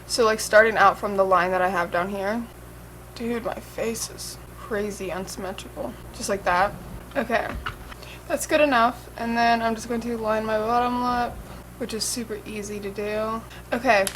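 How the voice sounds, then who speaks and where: A woman's voice: fairly high pitch, moderate pace, background noise. A young woman chatting casually through a makeup tutorial, swearing and saying "like" and "um" a lot. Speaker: makeup vlogger.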